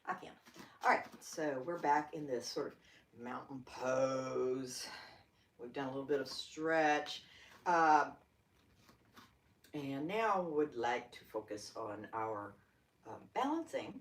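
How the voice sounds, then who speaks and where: Folksy older Southern yoga teacher, slow and lively-pitched, roomy distant sound. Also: female voice. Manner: folksy, chatty, playful asides. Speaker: yoga instructor. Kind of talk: guided yoga class.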